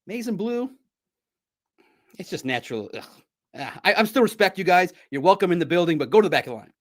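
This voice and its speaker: Male sports podcast host, casual playful banter and friendly trash talk, fairly high voice with a very lively pitch. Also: brisk. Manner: swings between loud bursts and low asides.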